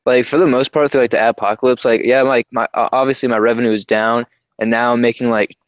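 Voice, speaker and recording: A man's voice: medium pitch, steady tone, fast, dry recording, rough recording. A young man, a horror story narrator, chatting casually with a friend, laid-back, swearing freely and filling his talk with "like". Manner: laid-back, swears freely, many fillers, laughs often. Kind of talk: casual chat.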